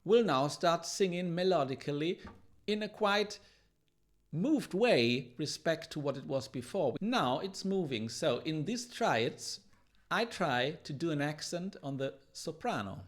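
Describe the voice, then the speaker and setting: A man teaching classical guitar, analysing a piece in a thoughtful, explanatory way and pausing now and then to search for words. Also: a little high, expressive. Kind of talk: music analysis lesson. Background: guitar playing.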